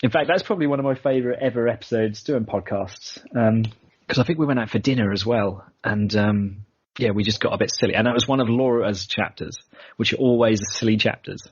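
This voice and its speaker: A British man chats easily as a podcast host, his voice husky and slightly breathy. The sound is dry and a little dull, like a modest lo-fi setup. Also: on the low side, brisk, dry recording. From Britain. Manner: chatty, laughing easily, self-deprecating. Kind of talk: casual chat.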